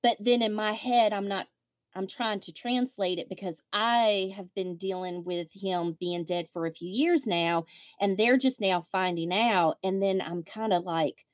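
A woman's voice: mid-range voice, measured pace, no echo, clean studio sound. A woman hosting a podcast, telling candid, wry stories in casual chat and acting out what others said. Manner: candid, wry storytelling with quoted voices. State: widow. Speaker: podcast host.

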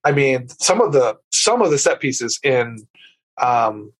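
A man's voice: mid-range voice, very animated, slow, slightly rough. A man guesting on a film podcast, arguing his point emphatically with many fillers. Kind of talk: casual film discussion.

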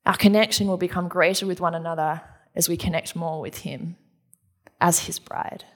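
Woman, pastor, sermon, earnest conversational preaching, lowish voice. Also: fairly even intonation, normal speed.

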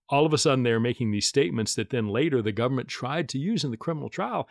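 A man co-hosts a podcast, walking through legal detail in a measured, explanatory way, with flashes of dry humor. His voice sits mid-range and is recorded close and dead dry. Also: medium pitch, fairly bright tone, dry recording. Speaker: podcast co-host. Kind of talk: casual explanatory podcast chat.

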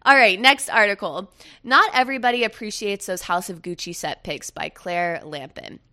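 A young woman hosting a casual pop-culture chat, chatty and quick to laugh. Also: medium pitch. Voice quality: bright, chatty, laughs often. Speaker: podcast host.

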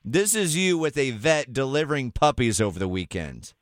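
A man's voice: mid-range voice, very animated, moderate pace, no room sound, studio quality. A man hosting a morning radio show, upbeat and joking with a caller.

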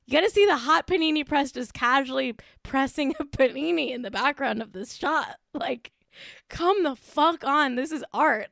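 A woman hosting a casual podcast, ranting in a profane, excitable and mock-outraged way. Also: sits high, normal speed, dry recording, studio quality. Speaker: podcast host.

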